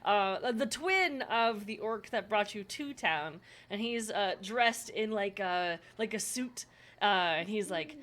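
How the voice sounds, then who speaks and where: Woman dungeon master, relaxed tabletop narration, mid-pitched. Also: takes it slowly.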